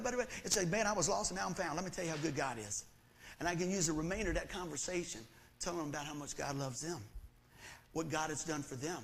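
A middle-aged man preaches a lively sermon, his voice sitting high for a man. He tells his stories with animated energy and slips into the voices of the people he quotes. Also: gravelly. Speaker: pastor.

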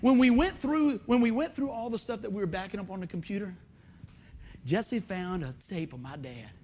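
A man preaching a sermon, telling stories in a folksy, animated way and acting out the dialogue. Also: high-pitched, normal speed. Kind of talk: sermon with storytelling.

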